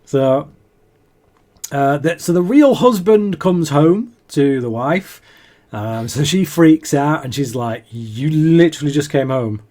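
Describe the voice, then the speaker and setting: A man's voice: a little high, animated, slow, darkish tone. Chatty man laughing through a review. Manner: chatty, laughs often, restarts sentences. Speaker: podcast co-host. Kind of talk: casual episode review.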